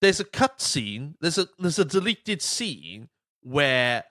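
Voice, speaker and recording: Animated, sweary man, bright tone. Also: a little high, slow pace. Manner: animated, sweary, retells scenes with quoted voices. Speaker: podcast host. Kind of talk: casual podcast movie chat.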